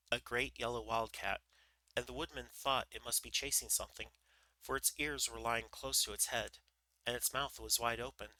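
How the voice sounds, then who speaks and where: Streamer reading a story aloud, very bright voice, stumbles a bit. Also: male voice, mid-range voice, no echo, poor audio. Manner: relaxed, with small slips and restarts. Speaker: livestream storyteller. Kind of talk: reading a children's book aloud.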